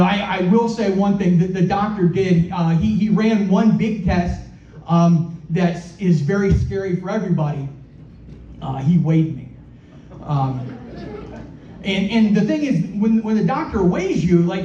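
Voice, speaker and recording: A man doing a stand-up comedy set in a comedy club. He talks in halting, self-deprecating bursts and repeats his words often. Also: high-pitched, warm tone, a little hiss or hum. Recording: roomy, dull club recording from a distance.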